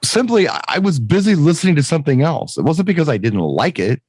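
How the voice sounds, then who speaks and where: A middle-aged man in casual chat, talking in a reflective way and swinging his pitch when making a point. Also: big pitch swings, fast talker, darkish tone, breathy edge, no echo.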